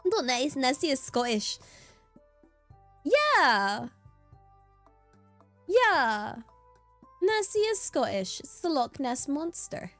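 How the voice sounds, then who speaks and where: A woman's voice: high voice, very animated, slow pace, long pauses, a bit bright, no room sound, soft background music. A young British woman with a mixed rural accent, chatting casually on a livestream in a bubbly, giggly, rambling way. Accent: British, mixed rural and taught English. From United Kingdom. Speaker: streamer.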